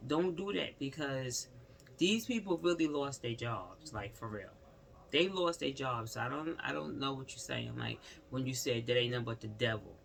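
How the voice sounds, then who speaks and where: Male vlogger, casual rant-style commentary, gravelly with some fry, keeps repeating himself. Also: mid-range voice, moderate pace, fairly bright tone. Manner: rambling, repetitive, exclamatory, talks straight to the subject.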